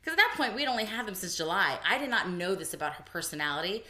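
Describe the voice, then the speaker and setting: A woman co-hosting a podcast, telling a personal story in casual chat and voicing the people she quotes. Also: fast. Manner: animated storytelling, voices quotes with big pitch jumps. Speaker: podcast co-host. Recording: echoey room, early podcast audio.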